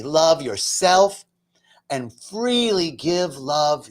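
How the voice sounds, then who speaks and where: This spiritual talk host, a man with a medium-pitched voice, recounts his own spiritual experience earnestly and with feeling. He chats casually, pokes fun at himself along the way, and sinks into soft near-whispers before building back up to loudness.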